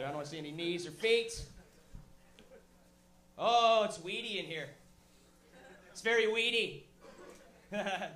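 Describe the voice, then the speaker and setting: High, bright-voiced ranting comic. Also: male voice. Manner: crude, ranting, animated. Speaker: comedian host. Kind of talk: profane stand-up rant. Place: live show venue. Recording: echoey live room.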